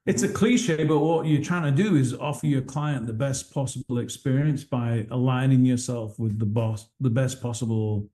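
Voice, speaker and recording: A man's voice: mid-range voice, moderate pace, hardly any pauses, dark tone. A man from England with an English accent, a guest on a video call interview, chatty and explaining things at length. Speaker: guest team owner.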